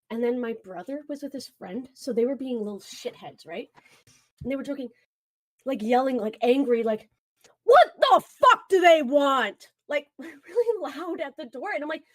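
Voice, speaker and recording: A woman from Canada telling a story in casual chat with friends, animated and swearing freely. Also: sits high. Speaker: player.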